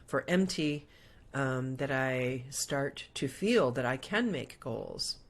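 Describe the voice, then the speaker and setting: A woman's voice: very deep voice, expressive, slow. A middle-aged woman hosting a casual livestream, reading out viewer comments and prayer requests in a chatty way with many fillers. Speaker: host.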